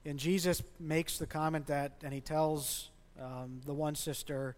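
A man's voice: a little high, steady tone, a little slow, hardly any pauses. A man preaching a sermon as a pastor in a church, speaking conversationally and asking the congregation questions. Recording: long reverb of a large hall.

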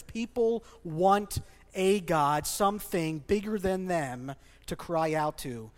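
A man's voice: high voice, takes it slowly. A male pastor in his thirties preaching a sermon with passion, pushing hard on his key points. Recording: long hall reverb.

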